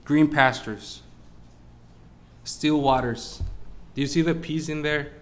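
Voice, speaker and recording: A man's voice: a little high, slow pace. Man preaching a sermon. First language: Spanish. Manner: searches for English words, rises when preaching.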